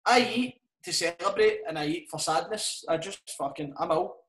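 A man's voice: sits high, normal speed, a bit bright. A Scottish man and comedian chatting casually on a podcast, swearing a lot and laughing through his stories. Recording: roomy echo.

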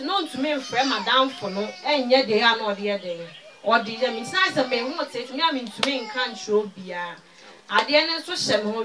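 Ghanaian woman giving a far-off testimony. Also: fairly high pitch. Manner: mixes Twi and English, swings from loud to very soft. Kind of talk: spoken testimony.

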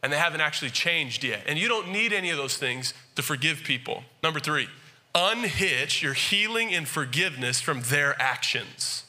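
A male pastor giving a conversational, animated sermon, with frequent asides and questions to the congregation. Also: on the high side, moderate pace.

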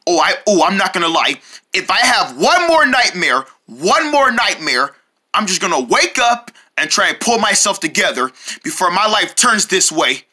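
Someone voicing an excitable, panicky cartoon guy who yelps and shrieks in alarm, in a homemade cartoon. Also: mid-range voice, moderate pace. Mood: frantic.

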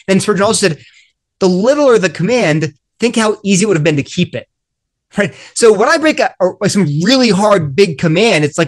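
Earnest man with a fairly high voice. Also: lively intonation, a little fast. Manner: earnest, acts out little dialogues, frequent restarts. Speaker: guest author. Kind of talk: animated discussion.

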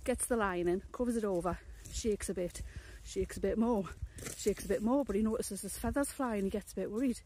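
Deadpan woman telling a crude joke. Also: medium pitch, a little fast, few pauses, slight background noise. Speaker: joke teller.

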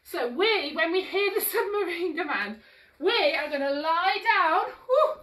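High, bright woman leading toddler exercises. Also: animated, a little slow. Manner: upbeat, sing-song and encouraging, coaxing little ones along; moving and exercising while talking, a bit out of breath. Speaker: children's exercise class instructor. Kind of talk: live-streamed toddler action-song class. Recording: roomy echo, voice from a distance.

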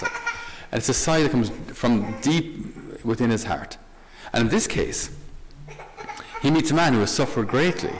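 A man's voice: mid-range voice, lively intonation, measured pace, a little hiss or hum. A man, a Catholic priest, giving a conversational homily with light humor and questions to the listener. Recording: long hall reverb.

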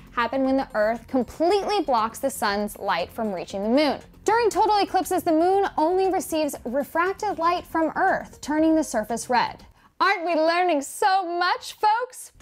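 A young woman hosting a space news show, presenting to camera with playful, jokey asides to the viewers. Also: sits high.

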